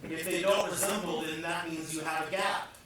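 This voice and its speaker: Speaking at a moderate pace with a steady, higher-pitched voice, a man jokes around and quizzes a large audience during a lively team meeting. The recording is echoey and distant, with crowd sounds and background noise.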